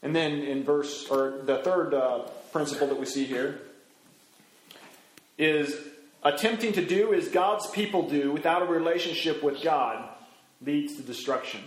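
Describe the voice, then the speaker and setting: A middle-aged man preaching a sermon as a pastor, animated, swinging his pitch up and down as he acts out quoted voices. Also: measured pace, reverberant, low-quality recording.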